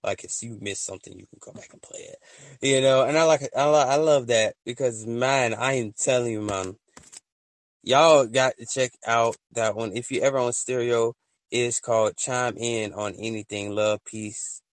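A man hosting a casual solo podcast, rambling and excitable, full of slang and often laughing at his own stories. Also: medium pitch, normal speed, dry recording. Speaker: podcast host.

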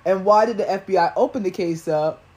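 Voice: medium pitch, brisk, a little mellow. A podcast co-host in a car, talking emphatically and asking pointed questions. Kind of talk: casual podcast chat.

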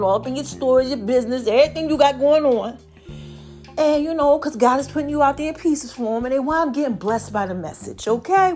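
A woman hosting a casual inspirational podcast, chatty and preachy, talking to her listeners and a bit out of breath. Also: sits high. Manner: chatty, preachy, animated with lots of y'all and child. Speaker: podcast host.

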